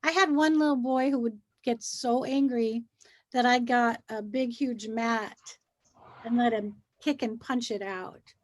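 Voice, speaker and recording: A woman's voice: a little high, a little slow, dry recording, studio quality. A woman in a casual chat about feelings, talking animatedly and acting out the way she speaks to children. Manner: animated, acts out what she says to children.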